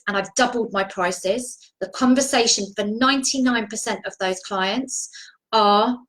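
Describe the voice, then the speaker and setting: A woman's voice: a little high, moderate pace, a bit bright, poor audio. A woman coaching viewers on a live video stream, talking earnestly and encouragingly, often restarting her sentences. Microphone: video call.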